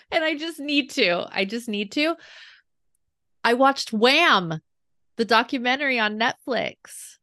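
A woman's voice: on the high side, animated, slow, long pauses, bright, forceful tone, dry recording, studio quality. A woman guest on a podcast, chatting casually about films with frank, emphatic opinions. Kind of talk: casual movie chat.

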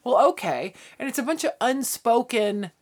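A woman's voice: on the high side, normal speed. A woman co-hosting a podcast, chatting casually as she recaps a sitcom and acts out the characters' lines. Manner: animated, acts out characters' lines while retelling scenes. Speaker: podcast co-host. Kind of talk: casual chat recapping a TV show.

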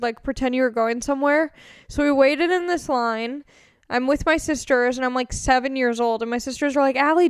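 A woman's voice: sits high, clear, resonant tone, no echo, studio quality. A young woman from California hosting a podcast, chatting casually and crudely in a rambling way with lots of fillers. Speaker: podcast host. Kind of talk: casual chat answering questions.

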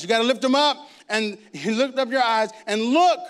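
A man preaching a sermon, reading scripture and telling stories with lively acted-out voices. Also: extremely high pitch, fairly quick, hardly any pauses, clean tone. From grew up in a Baptist church. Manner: animated storytelling, acts out voices.

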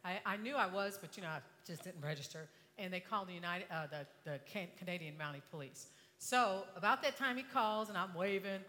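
A woman's voice: fairly low pitch, lively intonation, brisk. Impassioned older woman speaking in a hall. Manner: impassioned, swinging from hushed to shouting. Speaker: inspirational speaker. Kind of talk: motivational talk to an audience.

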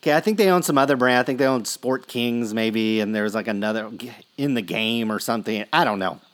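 A man's voice: medium pitch, fairly quick, a bit bright. A man hosting a sports card podcast in a casual, rambling conversational way. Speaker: podcast host.

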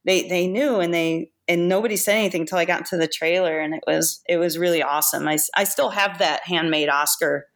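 A woman, a guest makeup artist, telling stories in a casual chat, lively and laughing often. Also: on the low side, brisk, hardly any pauses. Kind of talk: casual storytelling.

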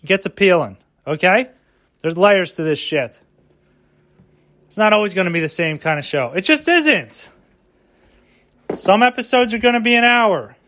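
A man with a notably high voice holds forth on his own podcast. He rambles, swears freely and keeps asking his listeners rhetorical questions in a loose, ranting style. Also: a bit bright. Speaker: podcast host. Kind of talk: rambling solo podcast rant.

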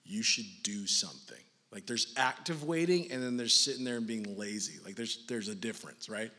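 The recording carries a long hall reverb as a man delivers a jokey, conversational sermon, frequently tossing in "right?" and "like" to check in with listeners. His voice is on the low side, expressive, bright and forceful, at a moderate pace.

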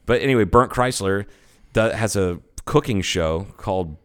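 A man's voice: fairly low pitch, normal speed. A man co-hosting a podcast in casual chat, swearing freely and laughing often as he tells stories. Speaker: podcast co-host.

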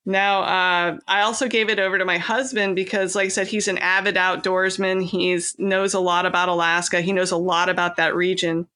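Bright-voiced chatty woman author. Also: lowish voice, level tone, moderate pace, hardly any pauses. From California. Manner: chatty, laughing, many fillers and restarts. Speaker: author guest. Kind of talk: casual interview chat.

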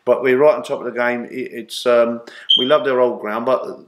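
A man, a guest in an interview, telling long animated anecdotes full of restarts and fillers. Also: mid-range voice, moderate pace, very noisy. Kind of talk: casual storytelling interview. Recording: roomy echo.

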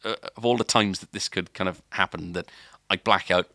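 A man's voice: low voice, fairly even intonation, fairly quick, pushed and bright, no room sound, studio quality. A man telling a long story on a podcast, rambling and restarting often. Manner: rambling, lots of filler and restarts. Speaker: podcast co-host. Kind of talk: casual storytelling.

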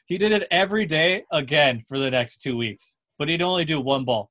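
A young man hosting a casual chat, telling a lively story and checking in with "right?" and "dude". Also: medium pitch, normal speed.

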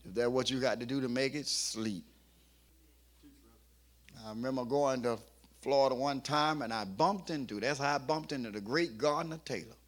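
A middle-aged pastor preaching a sermon, rising from quiet talk to shouting and acting out the voices in his stories. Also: medium pitch, moderate pace.

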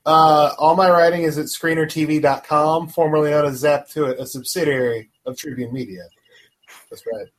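A man is a guest on a casual podcast, and his voice sits slightly high. He drops short, offhand quips into the conversation. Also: steady tone, normal speed, poor audio.

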